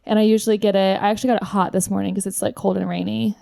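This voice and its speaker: A woman's voice: mid-range voice, flat delivery, creaky, mellow, no echo, studio quality. A woman co-hosting a podcast in casual chat, upbeat, drawing out her words and saying "like" often. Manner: upbeat, drawn-out phrasing with many likes. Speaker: podcast co-host.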